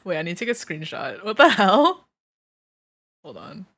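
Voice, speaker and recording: A woman's voice: on the low side, very animated, moderate pace, a bit bright. A woman streaming a game, reacting casually with swearing and lots of laughter. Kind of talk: casual game let's play. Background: violin game music.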